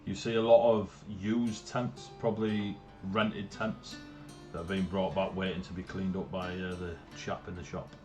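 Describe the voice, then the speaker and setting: Male game master, low and chatty, faint background music over a call. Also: level tone, moderate pace. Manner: laughing, loose and chatty, plays shopkeepers briefly.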